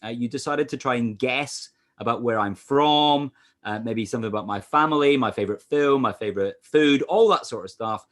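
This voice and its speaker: A Scottish man preaching as a pastor over a video call, animated, with frequent "uh" fillers. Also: mid-range voice, moderate pace. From Scotland. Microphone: computer mic on a video call.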